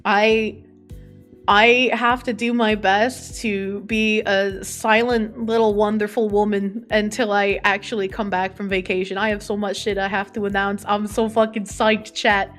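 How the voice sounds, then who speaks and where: A woman's voice: medium pitch, flat delivery, measured pace, fairly bright tone. A woman streamer chatting casually and reading out viewer messages, swearing freely and laughing often. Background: faint background music.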